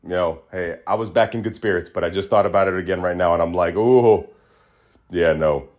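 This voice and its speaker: Man, podcast host, fairly low voice, animated rant, drops to mutters, small studio. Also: fast. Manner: animated, swings from heated ranting to low mutters. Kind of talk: casual ranting monologue.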